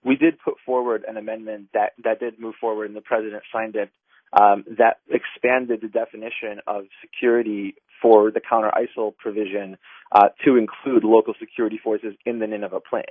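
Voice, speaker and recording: Man, low voice, phone-line sound, earnest, lots of restarts, dry. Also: flat delivery, fairly quick, no room sound. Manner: earnest, many fillers and restarts. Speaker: interview guest, advocacy director. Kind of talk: radio interview over the phone. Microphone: telephone.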